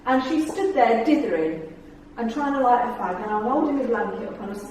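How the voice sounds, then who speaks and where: Middle-aged woman, lively storyteller, fairly high voice, recorded at a distance in a big echoey room. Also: brisk, a little hiss or hum. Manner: chatty storyteller, acts out the dialogue in her tales. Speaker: after-dinner speaker. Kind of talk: anecdotal talk to a club audience. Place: function room. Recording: very echoey room, speaker far from the mic.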